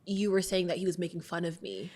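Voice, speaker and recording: A woman's voice: lowish voice, fast. A young woman co-hosting a podcast, chatting casually and telling a story with lots of laughs. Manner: animated storyteller, laughs often. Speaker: podcast co-host. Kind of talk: casual chat. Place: indoors, podcast recording.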